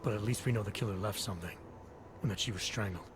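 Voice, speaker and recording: A man's voice: fairly low pitch, quick pace, background noise, natural voice. An actor playing a businesslike male forensic investigator in a video game, speaking in a clipped way. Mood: brisk.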